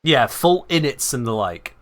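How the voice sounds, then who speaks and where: A man's voice: mid-range voice, very animated, moderate pace, slight background noise, natural voice. A British man voicing a cocky young chav lad with exaggerated street slang. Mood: swaggering.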